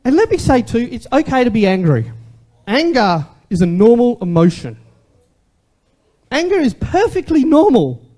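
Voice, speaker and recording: A man's voice: extremely high pitch, huge pitch swings, normal speed, mellow. A man, preaching a sermon as a pastor in a conversational way and asking the congregation questions.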